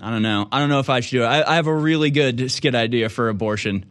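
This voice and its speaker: A man's voice: mid-range voice, fairly bright tone, clear, resonant tone, no room sound. A man hosting a call-in talk show, riffing with callers in a loose, joking way. He often stops and restarts mid-sentence. The sound is close and dry, with no room around it. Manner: joking, quick riffs, trails off into restarts.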